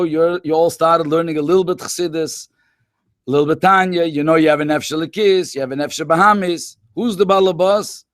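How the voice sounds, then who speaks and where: Rabbi telling stories to schoolchildren. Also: male voice, a little high, dry recording, studio quality. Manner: conversational, peppered with Hebrew and Yiddish terms. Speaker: rabbi and educator. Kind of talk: storytelling talk to schoolchildren in a webinar.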